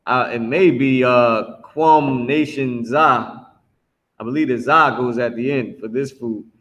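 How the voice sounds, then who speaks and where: A man teaching a live online language class, drawing out drilled words slowly and talking bluntly. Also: mid-range voice, fairly bright tone, rough recording. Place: Philadelphia.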